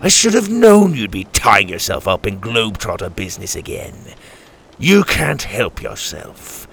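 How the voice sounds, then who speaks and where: A man's voice: on the low side, sing-song, a little slow, a bit bright, pitched below the performer's own voice, full character voice. A man playing a sneering cruel pirate captain. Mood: mocking. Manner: gruff, mocking, drawling.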